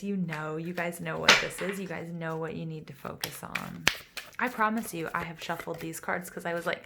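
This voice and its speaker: A woman giving a casual tarot reading to her viewers, gushing and excitable, full of fillers and a little out of breath. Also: on the low side, moderate pace, vocal fry, heavy background noise. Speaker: tarot reader.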